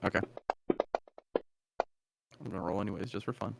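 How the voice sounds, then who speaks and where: Man, player, fairly low voice, gravelly, laid-back, dry humor. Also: moderate pace, a bit bright. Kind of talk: casual tabletop game chat.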